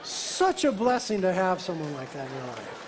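A pastor preaching a sermon, lively and emphatic, slipping into a conversational tone now and then. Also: male voice, high voice, normal speed, noisy background.

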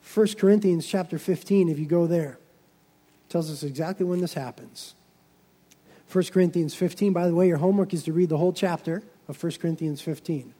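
A man with a high-pitched voice preaches a sermon. He swells into loud, emphatic passages and then drops low and quiet. A long hall reverb trails after every phrase. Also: a little fast. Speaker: pastor.

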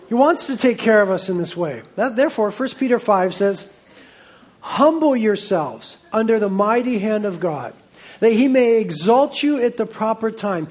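High-voiced man preaching. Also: normal speed. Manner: lively preaching, reading scripture aloud, warm asides. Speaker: pastor. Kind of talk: sermon.

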